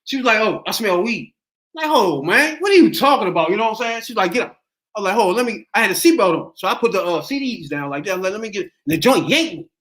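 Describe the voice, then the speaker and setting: A man's voice: sits high, very fast. A middle-aged man hosting a podcast, telling a story in casual chat and acting out the voices in it. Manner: animated, acts out voices in his story. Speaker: podcast host.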